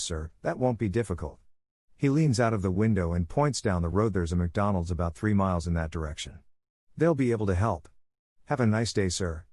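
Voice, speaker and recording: A man with a fairly low voice reads fast-food worker stories aloud in a scripted narration. He lifts his pitch when quoting customers and coworkers. The sound is dry and close, with no room around it. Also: a little mellow, no room sound. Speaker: narrator reading online posts.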